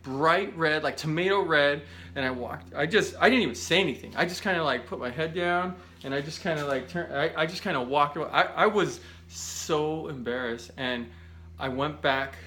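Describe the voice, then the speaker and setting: Bright-voiced man telling a story. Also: a little high. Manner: animated, self-deprecating, rambling with restarts. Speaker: vlogger. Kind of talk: casual storytelling to camera.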